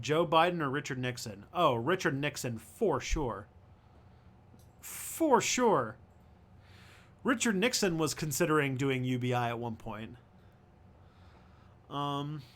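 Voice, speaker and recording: A man hosting a casual livestream, reading out viewer questions and answering them as he goes. He talks in halting bursts and circles back to restart his sentences. His voice sits in an ordinary middle pitch. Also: fairly bright tone. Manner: thinks aloud, halting, with many fillers and restarts.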